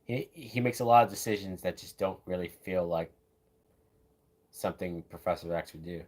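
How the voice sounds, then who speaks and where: A man's voice: deep voice, moderate pace, darkish tone. A man giving casual, loose live commentary while watching a movie, often tossing in "man" and "like". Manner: loose, chatty, says "man" and "like" a lot.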